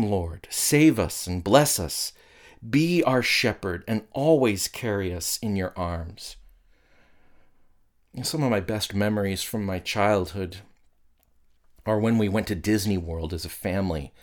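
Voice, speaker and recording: A man's voice: on the low side, darkish tone. A middle-aged man delivering a sermon as a pastor, earnest and conversational, reciting prayers and scripture.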